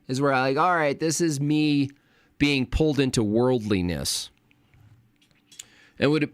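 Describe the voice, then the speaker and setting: A man hosting a late-night livestream, ranting and rambling with heavy swearing and often trailing off into low mutters. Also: no room sound. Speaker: livestream host.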